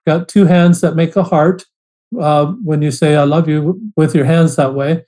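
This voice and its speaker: Earnest man with a mellow, fairly high voice. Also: fairly even intonation, normal speed, poor audio. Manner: earnest, repeats and restarts phrases. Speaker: podcast guest. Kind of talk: casual interview storytelling.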